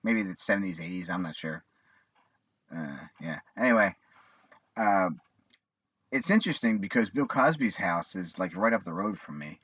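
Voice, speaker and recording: A man in his forties talking casually on his own, rambling and halting with many fillers and restarts. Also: sits low, animated, a bit bright, no room sound. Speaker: vlogger. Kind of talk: casual monologue. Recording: dull lo-fi sound.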